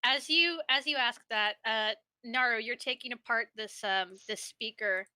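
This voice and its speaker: A woman running a tabletop game as dungeon master, narrating quickly and laughing easily. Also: fairly high pitch, pushed and bright, smooth, no echo.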